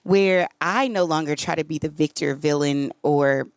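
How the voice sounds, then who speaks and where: A woman hosts a casual chat, her voice sitting a little low and sounding dry and close. She keeps encouraging her guest, with "so beautiful" and quick affirmations between her questions. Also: clean tone, dry recording. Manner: warm affirming interjections, repeats "so beautiful". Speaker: podcast host and coach.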